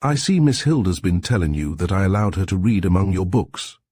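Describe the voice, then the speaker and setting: A man's voice: low-pitched, very animated, fairly quick, a little mellow, no room sound. A man reading the part of a loyal older housekeeper who answers stiffly and deferentially.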